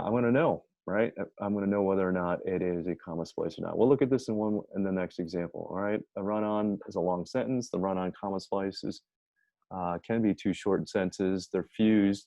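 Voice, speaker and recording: A writing teacher gives an informal, chatty grammar lecture, often correcting himself and reading his example sentences aloud. His voice is low and dark with a steady tone and a slightly fast pace, on a dull, dry lo-fi recording.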